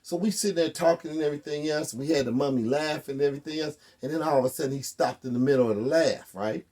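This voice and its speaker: A man's voice: on the high side, fast, a little mellow. A man telling a true story in a casual, wry, profane conversational way.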